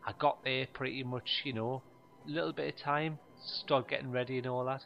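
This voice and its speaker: A man telling stand-up stories in a deadpan, rambling way, full of fillers. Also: mid-range voice, moderate pace, gravelly, highs cut off, faint music behind. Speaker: stand-up comedian. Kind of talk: stand-up monologue.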